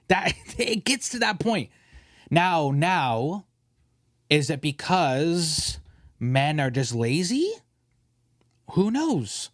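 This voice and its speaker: A man's voice: a little high, sing-song, slow, long pauses, dry recording, clean studio sound. A man hosting a casual podcast, ranting and joking with his co-host, often mimicking other people's voices.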